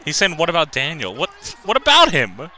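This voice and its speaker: A man on a voice chat call doing excitable, laughing commentary while watching wrestling. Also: fairly high pitch, fairly quick. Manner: excitable, laughing, shouting play-by-play. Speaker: co-host.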